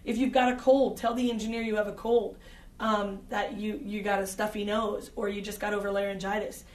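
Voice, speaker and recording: A woman's voice: medium pitch, level tone, brisk, echoey room, distant mic. A woman who works as an audio engineer, giving direct, conversational advice to singers, with frequent fillers. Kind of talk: instructional talk.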